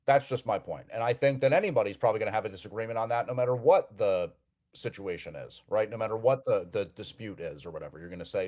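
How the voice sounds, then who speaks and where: A man's voice: lowish voice, fast, darkish tone. A man from New Jersey hosting a live call-in show, chatting casually and often repeating words as he restarts sentences.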